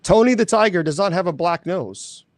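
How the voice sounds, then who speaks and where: A man hosting a show, chatting casually in a rambling, animated way, often correcting himself. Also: sits high, moderate pace, no echo. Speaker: host. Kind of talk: casual chat.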